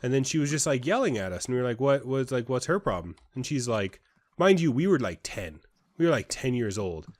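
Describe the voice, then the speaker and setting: A man's voice: mid-range voice, very animated, a little fast. A young man co-hosting a casual game playthrough, chatty and rambling as he tells stories. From Canada. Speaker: gaming co-host. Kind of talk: casual gameplay chat.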